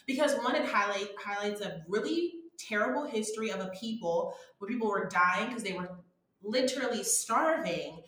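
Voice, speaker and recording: An American woman chatting casually as a podcast co-host, animated and emphatic, often slipping into quoted voices. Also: medium pitch, normal speed, very echoey. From United States. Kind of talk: casual chat.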